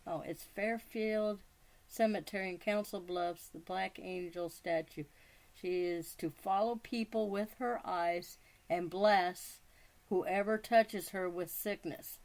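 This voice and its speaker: A woman's voice: lowish voice, steady tone, takes it slowly, a little mellow. A woman co-hosting a radio chat, reading legends aloud in a plain, matter-of-fact way.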